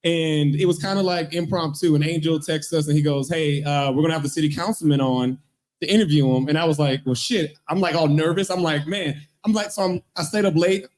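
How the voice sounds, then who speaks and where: A man's voice: a little high, steady tone, fairly quick, a little mellow. A man telling a rambling, laughing story as part of a live roast at an open mic, swearing freely. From not from Wyoming. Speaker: podcast co-host roasting a guest.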